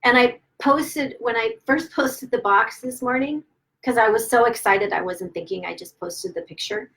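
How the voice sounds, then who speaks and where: A woman author on a livestream, emotional and close to tears, gushing with excitement and stumbling over her words as she celebrates her new book at home. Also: on the high side, gravelly, poor audio. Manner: gushing and excited, halting with restarts. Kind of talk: casual livestream chat. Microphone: phone or webcam livestream.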